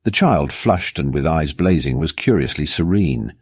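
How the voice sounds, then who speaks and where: A man narrating a short story in a measured, expressive reading. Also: a bass voice, no room sound, clean studio sound.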